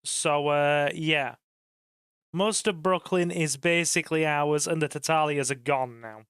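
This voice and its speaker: A man's voice: a little high, a little slow, clear, resonant tone, no echo. A man hosting a gaming stream, chatting casually with his co-host and reading out viewer comments. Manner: relaxed, chatty, reads chat aloud. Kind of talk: casual let's-play chat.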